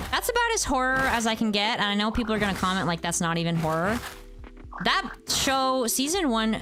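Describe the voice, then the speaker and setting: Woman in her thirties, game streamer, casual chatty talk, lively exclamations, soft music underneath. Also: mid-range voice. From United States. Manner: chatty, answers chat, animated exclamations. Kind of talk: casual chat while gaming.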